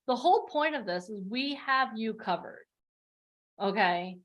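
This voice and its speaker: A woman's voice: a little high, expressive, measured pace, a bit bright, dull audio. A woman hosting an online bootcamp for actors and models, coaching over a video call in a passionate, emphatic way. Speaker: acting and modeling bootcamp host. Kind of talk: live online motivational coaching.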